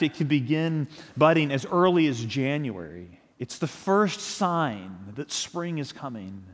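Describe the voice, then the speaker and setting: A man preaching a sermon as pastor, speaking in a reflective, conversational way with small restarts. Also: on the high side. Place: church sanctuary. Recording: long church-hall reverb.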